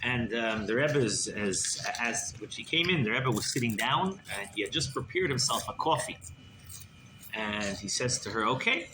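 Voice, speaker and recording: In a sermon, a rabbi tells a story in an animated, conversational manner, often checking in with listeners by asking "right?" His voice is male and medium-pitched at a moderate pace, recorded in an echoey room with background noise.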